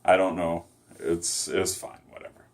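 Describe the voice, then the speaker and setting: Guy with a deep low voice recapping wrestling, lots of ums and uhs, kinda loose and offhand. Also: little pitch movement, moderate pace. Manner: rambling, many fillers and self-corrections. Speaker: wrestling show reviewer. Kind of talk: casual solo review recap.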